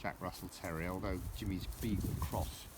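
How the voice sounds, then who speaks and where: A man's voice: low voice, steady tone, moderate pace. A middle-aged man chatting casually for his vlog, rambling and jokey with cheeky asides, recorded outdoors on a walk. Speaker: vlogger. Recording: outdoor recording with loud background noise.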